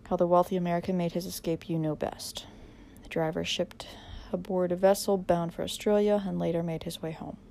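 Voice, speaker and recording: A woman narrating a dramatic audiobook in a measured way, pressing harder in tense moments. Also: lowish voice, level tone, gravelly, mellow, slight background noise.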